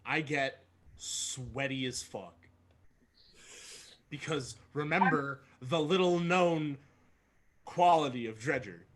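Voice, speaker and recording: A man casually playing a tabletop game, animated and joking. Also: on the high side, takes it slowly, long pauses. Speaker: player.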